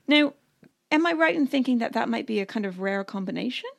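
A woman in her thirties from Canada co-hosting a podcast, telling a story in a chatty, animated way and often laughing. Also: fairly high pitch, a little fast, gravelly, highs cut off. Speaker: podcast co-host. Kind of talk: casual storytelling chat.

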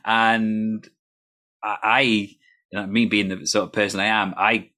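Low bright-voiced male podcast host. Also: little pitch movement, measured pace. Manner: hesitant, many fillers, laughs along. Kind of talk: casual interview chat.

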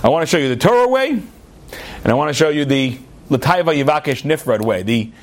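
Guy giving a torah class, high voice, swoops up and down a lot, acts out the arguing. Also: normal speed. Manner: animated, acts out arguing students in raised voices. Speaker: rabbi teaching.

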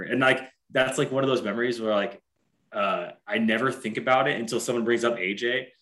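A man's voice: mid-range voice, fairly quick, a bit bright. A man in his thirties, a wrestler, chatting casually and telling stories with lots of filler words. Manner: chatty storyteller, heavy on fillers like "like". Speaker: podcast co-host, wrestler. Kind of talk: casual chat.

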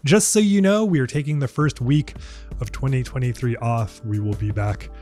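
A man's voice: mid-range voice, moderate pace, soft background music. A man co-hosting a movie podcast, making upbeat announcements and chatting casually. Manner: upbeat, conversational, lively inflection. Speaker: podcast co-host. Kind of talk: casual chat and show announcements.

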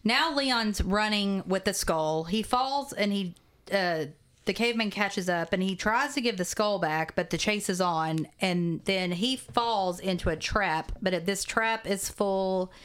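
A woman's voice: mid-range voice, unhurried, fairly bright tone, clean tone. Dry, dismissive woman recapping a movie. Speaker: podcast co-host. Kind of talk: casual movie recap chat.

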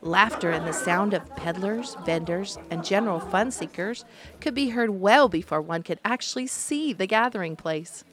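A woman narrating a fantasy storybook in a measured, descriptive manner. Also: mid-range voice.

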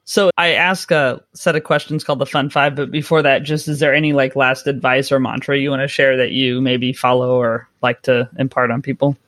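A man's voice: mid-range voice, level tone, fairly quick, few pauses, a bit bright, dry recording. A man hosting an interview, reacting easily and asking follow-up questions. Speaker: podcast host.

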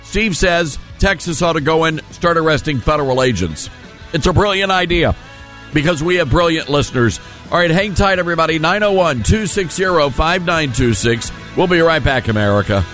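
A man's voice: a little high, animated, normal speed, fairly bright tone, faint music behind. Folksy male radio host with a froggy voice. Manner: folksy, joking storyteller. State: sick with flu, froggy voice. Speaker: radio talk show host. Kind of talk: conservative talk radio. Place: radio studio. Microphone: studio mic.

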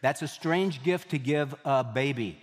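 A male pastor delivering an emphatic sermon, repeating key phrases and slowing down for weight. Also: mid-range voice. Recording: long hall reverb.

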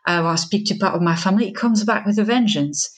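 A woman's voice: mid-range voice, fast, breathy edge. A woman from southwest France, a teacher with a French accent whose first language is French, telling stories in a podcast interview. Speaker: teacher, guest.

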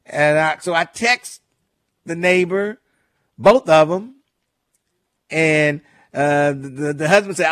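A man's voice: on the high side, slow, long pauses, fairly bright tone, dry recording, clean studio sound. Chatty man hosting call-in radio. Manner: chatty storytelling, amused, repeats phone number. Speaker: radio talk show host. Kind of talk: casual call-in radio talk.

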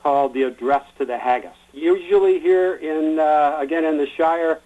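A man explaining a tradition in a plain-spoken, relaxed way, with the odd filler. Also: a little high, moderate pace, phone-quality sound. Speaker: guest explaining a Burns supper. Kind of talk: explanatory chat.

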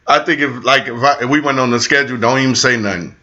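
A man's voice: mid-range voice, fast talker, pushed and bright. A middle-aged man co-hosting a podcast in casual chat, teasing and laughing often. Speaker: podcast co-host. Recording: dull lo-fi audio.

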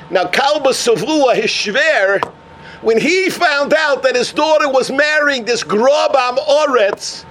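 A man teaching a Torah class as a lively storyteller who mixes in Yiddish and Hebrew terms. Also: extremely high pitch, slight background noise.

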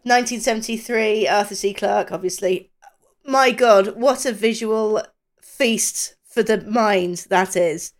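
A woman co-hosting a podcast, describing a book in casual chat and often pausing to find her words. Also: mid-range voice. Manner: hesitant, with many pauses and fillers. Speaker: podcast co-host.

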